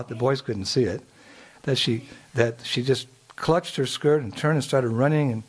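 Husky man telling a devotional story. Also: medium pitch, moderate pace. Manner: chuckles often, many restarts and fillers. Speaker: spiritual storyteller.

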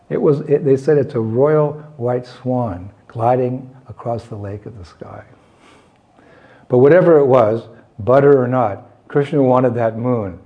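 A man's voice: mid-range voice, moderate pace, gravelly. Chuckling man telling a devotional story. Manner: chuckles often, gentle hesitant fillers. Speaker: lecturer on scripture. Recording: dull lo-fi recording.

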